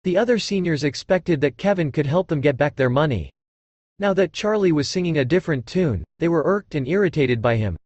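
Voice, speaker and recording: A man narrating an audiobook in a steady storytelling read. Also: a little high, a little fast, no room sound, muffled recording. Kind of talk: scripted narration.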